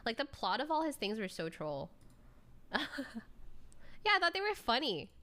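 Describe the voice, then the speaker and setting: A woman's voice: a little high, wildly swooping pitch, moderate pace, pushed and bright. A young adult woman streamer chatting casually, telling stories with frequent laughs and casual swearing. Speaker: streamer reacting to a video. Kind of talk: casual chat.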